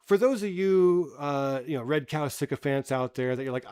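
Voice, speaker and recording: A man's voice: a little high, moderate pace, few pauses, a little mellow, clear, resonant tone. A man ranting bluntly and profanely in casual livestream commentary. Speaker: streamer.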